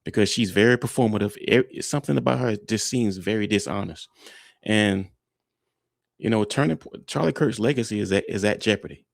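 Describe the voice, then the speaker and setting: Low gravelly male host, blunt, indignant, cursing, dry close sound. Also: a little fast, no echo. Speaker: reaction host. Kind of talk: reaction commentary.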